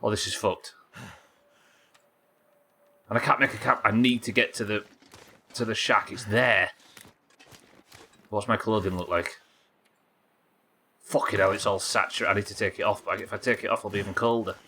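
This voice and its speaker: A man's voice: fairly low pitch, fairly even intonation, moderate pace, long pauses, pushed and bright, slightly rough. A British man giving live commentary while streaming a game, swearing often, muttering to himself and chatting with his viewers. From Britain.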